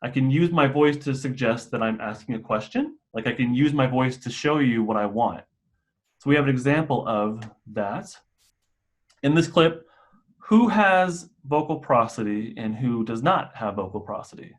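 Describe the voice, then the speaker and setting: A man's voice: medium pitch, lively intonation, moderate pace. A man who works as a mental health clinician, presenting a staff and parent training in a casual, explanatory way with occasional restarts.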